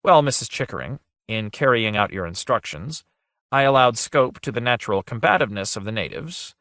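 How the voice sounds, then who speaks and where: A man reading an audiobook, voicing a courteous, cunning gentleman detective with a suave, mild manner. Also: lowish voice, animated, fairly quick, no room sound, clean studio sound.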